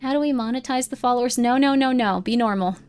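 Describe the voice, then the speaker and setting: A woman's voice: a little high, quick pace, darkish tone, clean tone, soft background music. A woman streamer giving rambling, chatty commentary on a live game and reading its text aloud.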